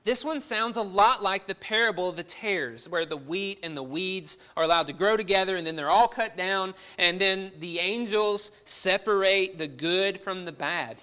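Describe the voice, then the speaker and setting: A man's voice: sits high, sharp tone, smooth. A man preaching a sermon to his congregation, earnest and full of rhetorical questions.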